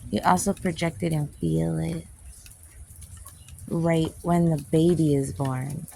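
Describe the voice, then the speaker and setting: A woman's voice: sits low, flat delivery, slow, vocal fry, warm tone, a little hiss or hum. A woman poet teaching a casual spiritual class outdoors. She speaks candidly, swears freely, and laughs often. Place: outdoors, with planes passing overhead.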